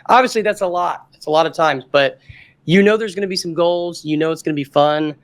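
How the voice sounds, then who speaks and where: A man on a football podcast calls the scores with easy confidence, backing each pick with recent form. His voice is a little higher than most men's and has a gravelly, creaky edge. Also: fairly quick. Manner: confident, makes firm predictions. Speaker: podcast co-host. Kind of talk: casual sports chat.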